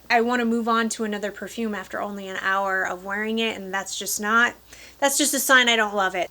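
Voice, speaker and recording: Woman in her thirties, Upper Peninsula Michigan accent, bright voice, chatty vlogger reviewing at close range. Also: medium pitch. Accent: Upper Peninsula Michigan (Yooper). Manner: chatty, enthusiastic, addresses viewers directly. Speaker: perfume vlogger. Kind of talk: casual product review to camera.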